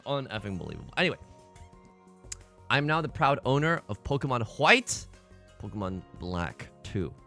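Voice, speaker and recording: A man's voice: fairly high pitch, bright, forceful tone. A young man commentating his own game in a sarcastic, self-mocking way, with sudden theatrical outbursts. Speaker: let's play host.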